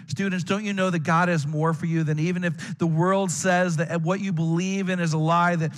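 Man, fairly high voice, pastor preaching a sermon, earnest, stumbles and restarts words. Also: normal speed, hardly any pauses, long reverb tail. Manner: earnest preaching to students and adults, frequent stammered restarts.

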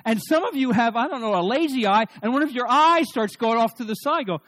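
A middle-aged man giving a humorous talk on marriage to a live audience, animated and joking, often restarting his sentences. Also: very high voice, fairly quick, few pauses, dry recording. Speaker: speaker on marriage.

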